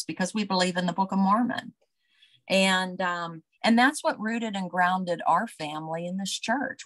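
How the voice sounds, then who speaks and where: Low-voiced woman telling family stories. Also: creaky, fairly bright tone, dry recording. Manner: reminiscing, unhurried, with many fillers. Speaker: interview guest. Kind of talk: casual storytelling.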